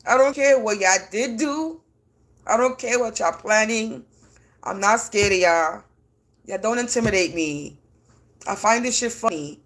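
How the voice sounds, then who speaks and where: A woman's voice: fairly high pitch, measured pace, a bit bright. A woman ranting defiantly on a livestream from her home as a spiritual reader, cursing bluntly. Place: at home indoors.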